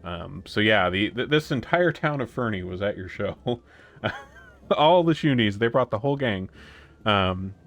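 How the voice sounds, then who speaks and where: A man narrating a tabletop game as game master, rambling with many pauses and restarts. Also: on the low side, lively intonation, a bit bright.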